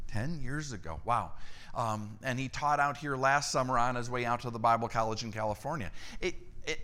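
A middle-aged man preaching a storytelling sermon, acting out the dialogue in his tale with lively energy. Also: medium pitch. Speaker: church staff member preaching.

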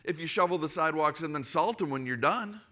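A preacher voicing an older male pastor, calm, firm and matter-of-fact. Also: a little high, quick pace, voice pushed up.

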